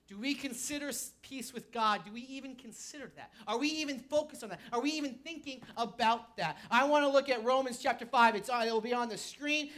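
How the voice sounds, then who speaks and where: A woman pastor preaching a sermon, telling stories with animated energy and rising to shouts. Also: fairly high pitch.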